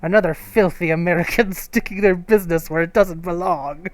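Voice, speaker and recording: A man doing a snobbish lady cat from a spooky story game, dripping with disdain. She draws her words out slowly and pushes them with scorn. The sound is dry and right up on the mic. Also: high voice, fairly even intonation, no room sound, lightly acted. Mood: disdainful. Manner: disdainful, drawn-out, contemptuous delivery. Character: haughty snobbish female house cat.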